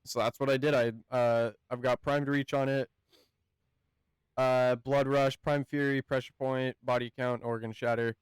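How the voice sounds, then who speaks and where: Halting man with a smooth, dry voice. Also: medium pitch, flat delivery, no room sound. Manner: hesitant, halting, often searching for words. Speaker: gaming channel host. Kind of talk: casual game review talk.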